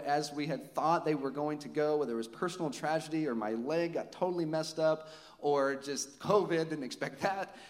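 A man's voice: a little high, big-room sound. A man preaching a sermon to his congregation, conversational, with frequent rhetorical questions. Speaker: pastor.

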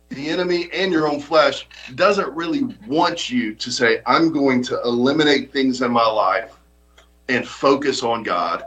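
A man's voice: mid-range voice, unhurried, fairly bright tone, rough recording. A man preaching a sermon as pastor, earnest and emphatic, often repeating his points.

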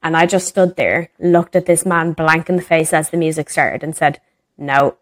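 Here the same podcast co-host, a young adult woman, is low-voiced and speaking at a normal pace over a little hiss or hum. She's animated and swears freely while recounting a story in casual conversation, acting out other people's lines.

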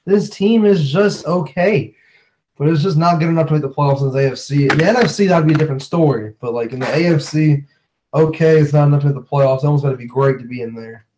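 A young man co-hosting a casual sports podcast, animated and slangy, laughing often as he talks. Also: a little high, fast, a little hiss or hum, rough recording. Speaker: podcast co-host.

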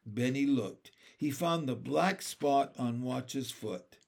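A man reading a children's book aloud in a steady, clear storytelling manner. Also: medium pitch, takes it slowly. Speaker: reader.

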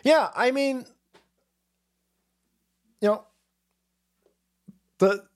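A man's voice: very high-pitched, extremely slow. A man in his forties ranting sarcastically on a political livestream, profane and mocking. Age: 40s.

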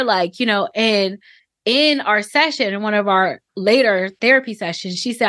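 A woman in her thirties telling a personal story on a podcast, reflective and halting, with many fillers. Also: medium pitch, fairly bright tone, no room sound, clean studio sound.

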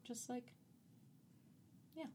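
A woman's voice: drawn-out words, warm tone, a little hiss or hum. A woman co-hosting a podcast in casual chat, talking loosely with lots of "like" fillers and easy laughs. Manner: chatty, frequent "like" fillers, laughs easily. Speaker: podcast co-host.

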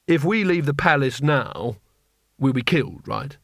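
A nervous, cowardly wizard, as a male narrator puts him on, speaking haltingly as though thinking aloud, his pitch bobbing up and down. The recording is dry and intimate. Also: expressive, gravelly, fairly bright tone, no echo, full character voice. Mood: hesitant. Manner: hesitant, working it out aloud.

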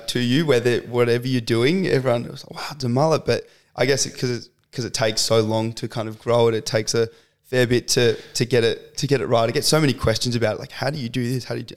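Young Australian male guest, relaxed and chatty, heavy on slang and fillers. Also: medium pitch, fast. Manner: laid-back, lots of fillers and slang. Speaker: podcast guest. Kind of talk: casual chat.

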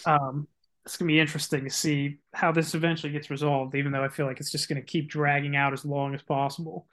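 A man with a fairly high voice gives his sports takes casually, hedging often with fillers like "like" and "I mean". He talks loosely in an easygoing podcast manner. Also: little pitch movement, fast talker, fairly bright tone. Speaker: podcast co-host.

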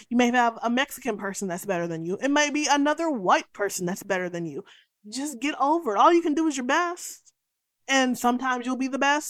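A young woman recapping a horror movie in a casual, profane, animated way, swearing freely and going off on tangents. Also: on the high side, no room sound.

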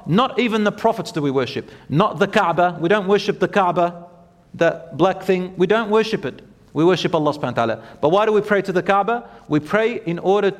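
A man preaching an animated storytelling sermon, acting out quotes and chanting scripture. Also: sits high. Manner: animated, acts out quotes, chants Quran verses. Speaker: Islamic preacher. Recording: long hall reverb.

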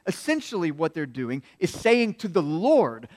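A man preaching from the pulpit, his voice sitting a little higher than most. He leads listeners through scripture, getting loud and climbing in pitch as he acts out quoted lines, then sinking to a near hush for his key points. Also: very animated, normal speed, hardly any pauses. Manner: drops to hushed tones on key points. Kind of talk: sermon.

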